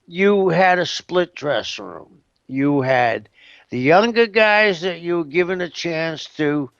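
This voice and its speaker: A man telling stories in a casual interview, drawling slowly in a somewhat high, gravelly voice. He rambles and hesitates, tossing in "you know what I mean" often. The recording is dry and dull. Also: a bit bright, no echo. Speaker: interview guest.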